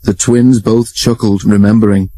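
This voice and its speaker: A man narrating a children's storybook in a steady storytelling manner. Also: fairly low pitch, moderate pace, dry recording, poor audio. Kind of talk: storybook reading. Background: music.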